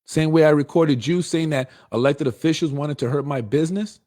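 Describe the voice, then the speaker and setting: A man's voice: on the high side, a little fast, warm tone. A middle-aged man hosting a political show, delivering a blunt, confrontational, streetwise monologue. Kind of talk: heated monologue.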